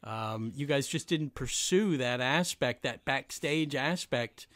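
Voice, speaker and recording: A man's voice: mid-range voice, takes it slowly, fairly bright tone, no room sound, studio quality. A man hosting a podcast interview, prompting his guest with detailed questions. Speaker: podcast host. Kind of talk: casual interview.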